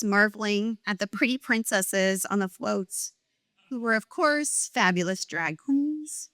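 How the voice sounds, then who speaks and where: A woman's voice: mid-range voice, fairly bright tone, clean tone, no echo, studio quality. A middle-aged woman telling a heartfelt personal story at a live event, reading from her pages and openly emotional.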